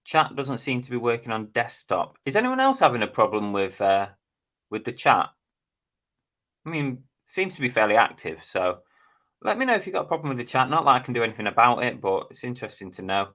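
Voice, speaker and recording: A man's voice: medium pitch, sing-song, brisk, sharp tone. Chatty man hosting a live stream. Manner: chatty, reads out viewer names and comments. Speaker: live stream host reading chat. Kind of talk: casual live chat.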